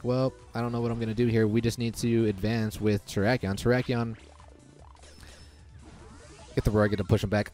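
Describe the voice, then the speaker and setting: A young man giving casual, excitable commentary over his own gameplay, reacting loudly to lucky and unlucky rolls. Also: medium pitch. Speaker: gaming commentator. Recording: faint background music.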